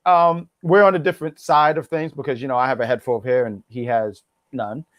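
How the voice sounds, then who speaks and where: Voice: mid-range voice, steady tone, fairly quick, no echo, studio quality. A co-host of a wrestling review show in casual chat, joking around, ranting and laughing often.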